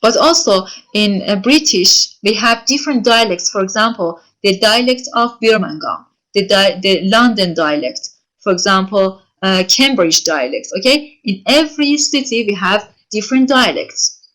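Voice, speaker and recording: A woman lecturer giving an online class, answering written questions from students and speaking haltingly with frequent pauses and self-corrections. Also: medium pitch, animated, fairly bright tone. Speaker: university lecturer.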